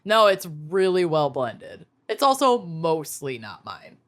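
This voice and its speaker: Brief: playful female podcast co-host, very animated pitch, casual banter. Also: measured pace. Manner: bubbly, swears, playful. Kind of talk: casual chat.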